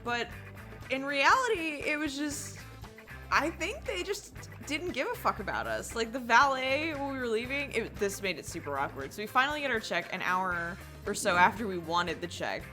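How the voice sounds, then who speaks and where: A young woman from Florida, co-hosting a podcast and telling a story in casual chat, lively and swearing, often breaking into laughter. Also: on the high side, moderate pace, faint music behind. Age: young adult. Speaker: podcast co-host.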